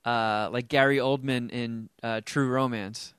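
A man's voice: mid-range voice, steady tone, unhurried, fairly bright tone, smooth, dry recording, clean studio sound. A man hosting a comedy podcast, reading out voicemails with crude, joking banter. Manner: crude, joking, laughs easily. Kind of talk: casual comedy podcast chat.

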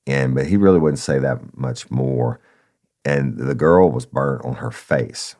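Very deep-voiced ex-cop. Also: male voice, unhurried, a little mellow. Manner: addresses listeners as "y'all", repeats words, swears casually. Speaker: former police officer, storyteller. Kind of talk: casual spoken storytelling.

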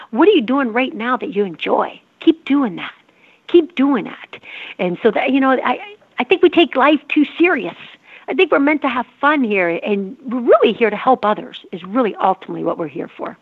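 A woman's voice: a little high, slightly rough, no echo. A woman in her fifties, a guest in an interview, talking earnestly and repeating herself for emphasis. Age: 50s. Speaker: guest author. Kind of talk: casual interview talk. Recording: phone-like line.

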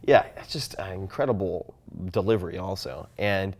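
Low-voiced man musing aloud on a podcast. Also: expressive, normal speed. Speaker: podcast guest. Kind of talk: casual conversation.

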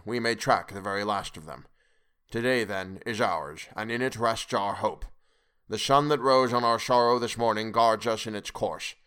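A man reads an audiobook character, a wise and patient elderly professor who lays out his plan in a deliberate, lecturing way, weighing every word. The voice is low and unhurried, with a fairly bright, clean and natural tone.

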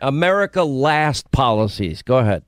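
A man's voice: mid-range voice, big pitch swings, moderate pace, no echo, studio quality. A middle-aged man hosting a radio talk show, telling stories casually and breaking in with questions. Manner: conversational storytelling, interrupting with questions.

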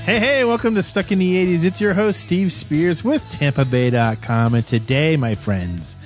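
A man's voice: on the high side, lively intonation, moderate pace, faint music behind. A man hosting a show, playing the exasperated straight man in comic banter. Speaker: show host.

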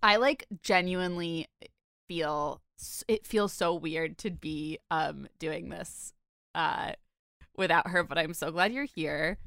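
A woman's voice: fairly low pitch, takes it slowly, gravelly, fairly bright tone, smooth, dry recording, clean studio sound. A young adult woman hosting a casual podcast, chatty and rambling with lots of fillers. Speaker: podcast host.

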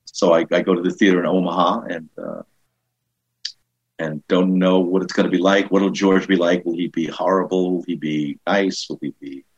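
A middle-aged man with a husky, lowish voice recounts his touring years in an interview. He acts out the people in his stories, his pitch shooting up for each quoted line. The sound is muffled and lo-fi. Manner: animated anecdotes, jumps high to act out quoted people. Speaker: comedian and author, guest. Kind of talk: casual storytelling interview. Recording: dull lo-fi sound.

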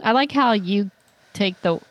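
A woman's voice: medium pitch, animated, measured pace, lo-fi sound. A woman co-hosting a podcast, chatting casually and reading listener emails aloud with playful asides. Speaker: podcast co-host.

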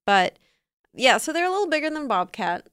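A woman's voice: high voice, very animated, a little fast, fairly bright tone, clean tone, no room sound, clean studio sound. A woman hosting a podcast in casual chat, playful and chatty, laughing often, with fillers. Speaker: podcast host.

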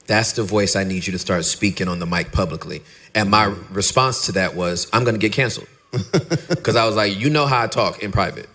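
A middle-aged man, a pastor and podcaster, talking candidly in an interview and acting out his stories with lively dialogue. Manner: animated storyteller, acts out dialogue in a high voice.

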